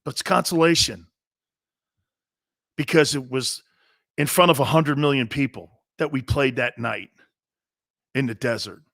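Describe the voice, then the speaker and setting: A man's voice: mid-range voice, unhurried, gravelly, long pauses, fairly bright tone, no echo, studio quality. A man in his fifties hosting a sports talk show, telling stories in a blunt, fired-up way, often repeating himself and cutting in with asides. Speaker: sports radio host. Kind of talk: opinionated talk-show monologue.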